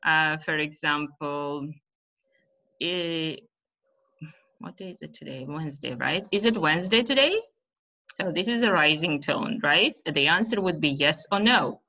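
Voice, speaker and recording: A woman's voice: low voice, unhurried, pushed and bright. A woman giving an online teacher-training lesson, hesitant with many fillers and often checking "right?". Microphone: video call. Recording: dull lo-fi webinar audio.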